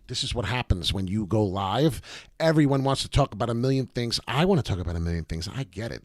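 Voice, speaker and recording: A man hosting a crypto live stream, talking loudly and excitedly to viewers, cursing and jumping from topic to topic. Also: mid-range voice, no echo, studio quality. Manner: loud, hyped and profane, jumps between topics. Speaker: crypto video host.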